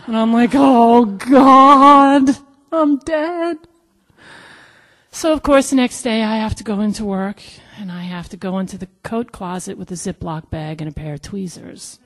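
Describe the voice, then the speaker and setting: A woman's voice: medium pitch, a little fast. Woman telling a story on stage. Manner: animated, acts out the dialogue. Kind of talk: live personal storytelling. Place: museum event hall. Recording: long hall reverb at live event.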